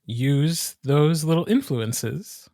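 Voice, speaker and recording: A man's voice: fairly high pitch, animated, extremely slow, mellow, no room sound, clean studio sound. A man audiobook narrator from the Midwest with a light Midwestern accent, chatting thoughtfully on a panel and posing questions to the group. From American Midwest. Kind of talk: casual panel chat.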